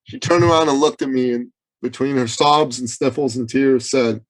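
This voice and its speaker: A male business coach from Iran recounting a client's story on a remote interview. His voice sits at a middle pitch and rises sharply when he acts out other people's lines. He talks with dramatic, storytelling energy. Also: fairly even intonation, moderate pace, poor audio. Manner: dramatic, acts out quotes with big pitch swings. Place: Toronto. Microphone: remote call.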